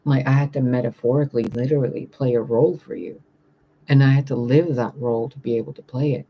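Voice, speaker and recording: Blunt, gravelly-voiced man ranting profanely. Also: medium pitch, fairly even intonation, fast, lo-fi sound, slight background noise. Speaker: spiritual reader and channeler. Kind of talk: casual livestream rant, reading viewer comments.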